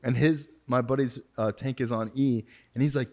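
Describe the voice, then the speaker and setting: A man appearing as a podcast guest tells a story casually, swearing freely, using slang, and acting out what others said. His medium-pitched voice moves at normal speed but gets loud and excited when he retells the chase.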